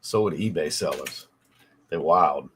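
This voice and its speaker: A man's voice: extremely low pitch, lively intonation, normal speed, a bit bright, a little hiss or hum. A man hosting a fragrance livestream, chatting casually with viewers and reading their comments, loose and profane, getting over a cold. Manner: loose and profane, swears often.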